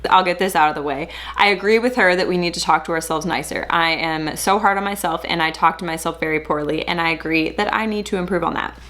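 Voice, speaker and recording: A woman with a somewhat low voice giving reaction commentary. She talks in chatty, sarcastic asides. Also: quick pace, hardly any pauses, a bit bright. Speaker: host.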